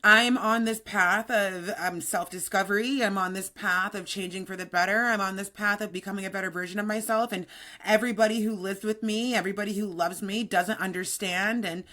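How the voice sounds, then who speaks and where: A woman in her thirties co-hosts a fitness podcast. She talks in a loose, upbeat, chatty way with a bit of sass, and her voice sits at an ordinary middle pitch. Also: steady tone, brisk, sharp tone. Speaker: podcast co-host and fitness coach. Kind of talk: casual podcast chat.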